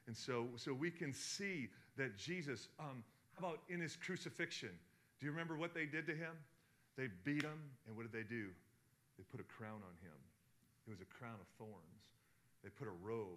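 A middle-aged man preaching a sermon, asking the congregation questions and swinging from hushed to loud. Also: medium pitch, brisk. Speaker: pastor.

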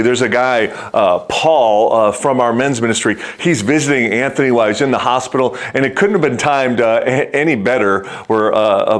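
Middle-aged male pastor, casual storytelling sermon delivery, halting with fillers, sobers down low for weighty lines. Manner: storytelling with many fillers and restarts, dropping low and slow for serious words.

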